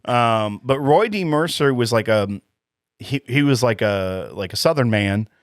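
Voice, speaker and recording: Man, medium voice, animated, laughs easily, casual podcast chat, dry mic. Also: mid-range voice, unhurried, no echo. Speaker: podcast co-host.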